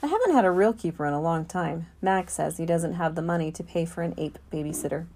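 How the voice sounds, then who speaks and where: Woman audiobook reader, calm and measured storybook narration. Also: lowish voice, a little hiss or hum.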